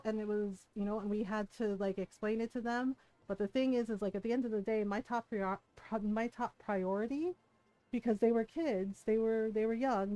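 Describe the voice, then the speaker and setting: A woman's voice: fairly high pitch, darkish tone, no echo, poor audio. A woman in her forties, streaming a game and telling a story in a blunt, casual way, swearing freely and laughing often.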